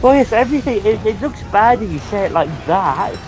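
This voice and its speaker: A man's voice: high-pitched, lively intonation, fairly quick, rough recording. A man co-hosting a game stream, making wry jokes. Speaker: stream co-host. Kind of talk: casual gameplay chat.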